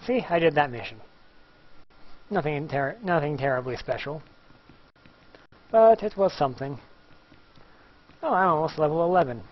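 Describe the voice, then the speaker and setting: Brief: male let's-player, high-ish, silly and chatty, muffled home mic. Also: expressive, normal speed, long pauses. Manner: playful, jokey, sings little chants. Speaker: gameplay commentator. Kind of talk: casual let's-play commentary.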